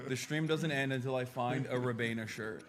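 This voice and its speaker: A young man hosting a stream, chatting and joking excitedly with friends and swearing casually. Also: medium pitch, moderate pace. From United States. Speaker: streamer host. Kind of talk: casual reaction chat with friends.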